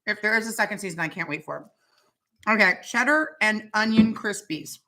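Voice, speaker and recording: A woman vlogger with a bright, forceful voice who chats casually as she samples snacks. Her talk is quick and exclaiming, full of reactions to each bite. Her pitch sits in a middle range. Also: poor audio. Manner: chatty, exclaims over food. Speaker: vlog host. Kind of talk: casual chat, taste-testing snacks.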